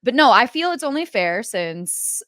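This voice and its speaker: A woman's voice: a little high, sing-song, unhurried, fairly bright tone, no echo, clean studio sound. A woman co-hosting a hockey podcast in a laid-back, casual way, with lots of "like" fillers. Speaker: podcast co-host and in-arena host.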